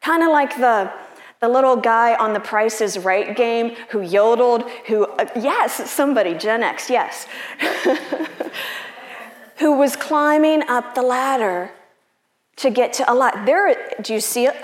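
A woman pastor preaching a sermon in an unhurried, conversational and personal way. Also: on the high side, expressive, roomy sound.

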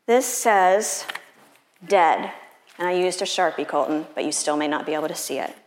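A woman pastor preaching a sermon in an unhurried, conversational and personal way. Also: fairly low pitch, echoey room.

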